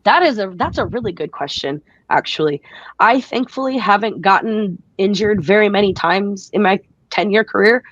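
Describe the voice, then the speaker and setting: A woman's voice: medium pitch, moderate pace, no room sound. Chatty woman, dull lo-fi audio. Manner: chatty, laughs often, acts out quotes. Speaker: guest wrestler. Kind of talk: casual interview storytelling.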